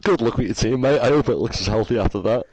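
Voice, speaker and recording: A man's voice: mid-range voice, fast, darkish tone, no echo. A man co-hosting a casual gaming chat, blunt and joking in his banter. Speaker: co-host.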